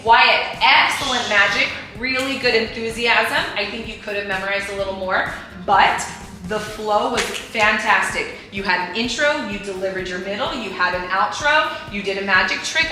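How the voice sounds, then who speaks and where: Gushing teary homeschool mom, echoey. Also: female voice, medium pitch, sharp tone. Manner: gushing, emotional, laughing often. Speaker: homeschooling mom and vlog host. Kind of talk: casual family vlog. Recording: echoey room with music behind.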